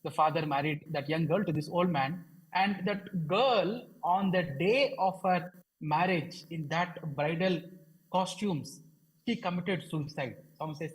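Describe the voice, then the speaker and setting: Husky high-voiced man telling a story. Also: measured pace, low-quality recording. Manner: hesitant, many fillers and restarts. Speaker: devotional speaker. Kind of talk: storytelling talk. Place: devotional program.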